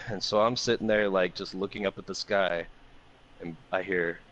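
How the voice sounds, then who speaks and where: A man co-hosting a podcast, telling a long profane party story in a loose, animated way. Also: low-pitched, measured pace, highs cut off. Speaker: podcast co-host. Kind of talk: casual storytelling chat.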